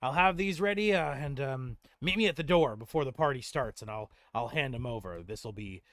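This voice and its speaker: A man voicing an excitable male dwarf blacksmith who whoops and exclaims boisterously in a tabletop game. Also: medium pitch, normal speed, dry recording, studio quality, close to an everyday voice. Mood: pleased.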